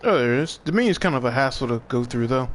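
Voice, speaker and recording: A man's voice: medium pitch, lively intonation, quick pace, a little hiss or hum. A young man chatting casually as he streams a game, laid-back and thinking aloud while he plays. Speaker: gaming streamer. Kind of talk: casual live gameplay commentary.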